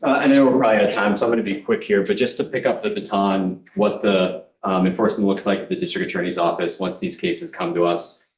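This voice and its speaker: A deep-voiced man from a prosecutor's office reports figures in a hurried, matter-of-fact way. He sounds set back from the microphone. The room adds a noticeable echo. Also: fairly even intonation, recorded from a distance. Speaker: prosecutor from a district attorney's office. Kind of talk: public presentation at a council meeting.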